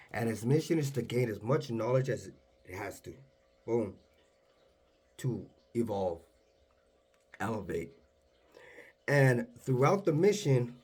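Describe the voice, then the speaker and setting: A young man casually retelling a vivid dream in a hushed, low-key way, acting out the dialogue. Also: slightly rough. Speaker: storyteller.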